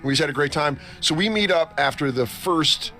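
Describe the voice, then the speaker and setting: A man's voice: a little high, fairly quick, sharp tone, faint music behind. A man co-hosting a comedy talk show, telling a long story in a rambling, profane way. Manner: rambling, profane, acts out quotes. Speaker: comedy podcast co-host. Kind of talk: casual storytelling chat.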